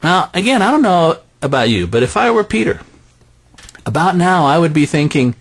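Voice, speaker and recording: A man preaching a sermon in an animated, conversational way, dropping soft and low on key phrases. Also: a little fast, breathy edge.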